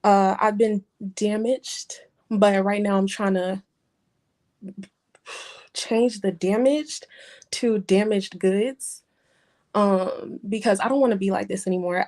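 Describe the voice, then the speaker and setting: A woman in her twenties calling in for advice, speaking hesitantly with many pauses and fillers, close to tears. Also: mid-range voice, darkish tone. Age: 20s. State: holding back tears. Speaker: caller seeking advice. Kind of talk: emotional personal call-in.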